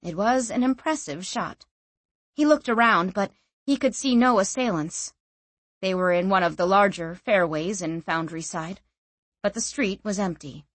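Woman reading a fantasy audiobook, steady and even, very dry close sound. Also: medium pitch, normal speed, no room sound. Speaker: audiobook narrator. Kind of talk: scripted fantasy audiobook narration.

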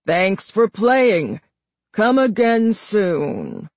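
A woman voicing a broken animatronic's speaker, slow and eerie. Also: mid-range voice, sing-song, a little mellow, no room sound, full character voice.

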